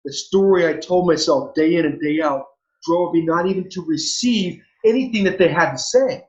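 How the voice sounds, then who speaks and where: A high-pitched man in his forties, originally from Southern California, opens up in a heartfelt interview. He circles back over his words and restarts phrases earnestly. The audio is dull and lo-fi. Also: moderate pace, darkish tone, reverberant. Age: 40s. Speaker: interview guest, former pro baseball player. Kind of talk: heartfelt personal storytelling.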